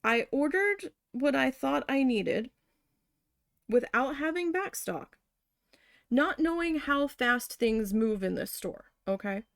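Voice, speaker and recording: A woman chats while she paints and tells a long story about a mix-up at work. She acts out what each person said. Her voice is slightly high with a gravelly edge, and it sounds dry and close. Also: slow, dry recording. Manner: animated retelling, acting out her boss and her own panic. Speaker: painting livestreamer.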